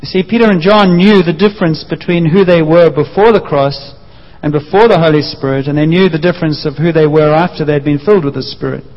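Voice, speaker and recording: A man preaching a sermon, telling a story with lively acted-out voices. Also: on the high side, fast, few pauses. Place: church hall. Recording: dull sound with long hall reverb.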